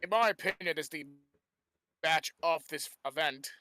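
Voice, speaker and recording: A young man co-hosts a wrestling podcast, excitable and quick to swear in casual chat. His voice is bright and forceful with a slightly high pitch, recorded dry and close. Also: dry recording. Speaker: podcast co-host.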